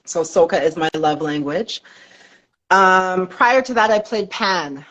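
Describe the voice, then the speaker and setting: A woman's voice: lowish voice, measured pace, rough recording. A young woman from Canada, a dancer, chatting casually on a podcast and telling stories with frequent laughs. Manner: chatty, laughs often, animated storytelling. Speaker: guest, dancer and fitness business owner.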